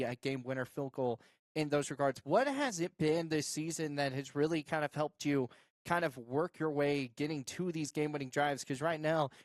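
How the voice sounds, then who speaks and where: A man who hosts a local sports show, calling football highlights and then interviewing a player in a casual, filler-heavy way. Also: no room sound, clean studio sound. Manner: excited shouting calls over game highlights, then casual questions with fillers. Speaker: sports show host and play-by-play caller. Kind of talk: high school football play-by-play and interview.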